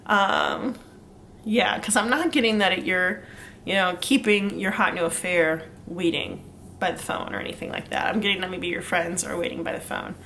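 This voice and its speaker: A woman's voice: fairly low pitch, very animated, normal speed, vocal fry, a bit bright, a little hiss or hum. Chatty woman giving a tarot reading. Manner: chatty, rambling, laughs often, lots of um and like. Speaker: tarot reader. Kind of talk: casual pick-a-card tarot reading.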